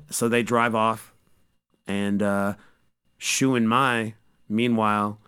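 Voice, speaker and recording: A man hosting a podcast, giving a casual, profane and joking recap of an episode as an animated storyteller. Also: on the low side, extremely slow, smooth. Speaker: podcast host.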